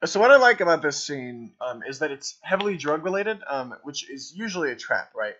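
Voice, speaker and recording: A man's voice: fairly high pitch, very animated, fairly quick, fairly bright tone, slight background noise. A man coaching an improv troupe, casually commenting over a video of their scene in a rambling way, full of ums and "right?". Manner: rambling, filler-heavy, keeps asking "right?". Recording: dull lo-fi voice recording.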